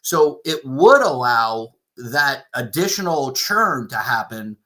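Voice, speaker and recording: A man hosting a live mortgage show, talking casually, with halting restarts and questions put to his co-host. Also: medium pitch, big pitch swings, pushed and bright. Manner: hesitant, repeats words, asks questions.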